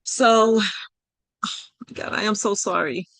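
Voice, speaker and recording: A woman's voice: medium pitch, slow pace, fairly bright tone, no echo. A woman with a non-native English accent leading an online coaching workshop, encouraging and rambling with many fillers and apologies, speaking over a video call. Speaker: life coach leading a group session.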